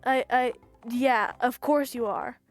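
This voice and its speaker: A woman's voice: a little high, steady tone, takes it slowly, faint music behind. A woman voicing a sleazy male caller who is a pushy mugger and throws around pet names. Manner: smarmy, calls people pet names.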